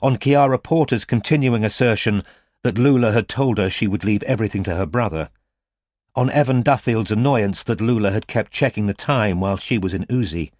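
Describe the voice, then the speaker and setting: A man reads a detective audiobook in a low, measured voice. The close studio mic leaves the sound dry and free of echo. His pace is even and unhurried. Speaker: audiobook narrator. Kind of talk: scripted narration.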